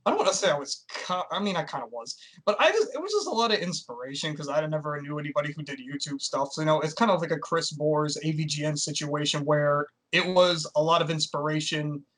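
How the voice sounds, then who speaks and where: A young man who talks quickly, with a pitch slightly high for a man. He is an eager, agreeable guest in a casual chat who often trails off and picks his thoughts back up. His delivery is loose and unscripted. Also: lively intonation, a bit bright.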